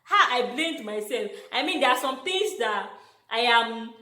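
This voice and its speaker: A young Nigerian woman telling a story in an animated vlog, exclaiming and laughing often. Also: on the high side, measured pace. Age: young adult. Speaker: vlogger, international student. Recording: echoey room.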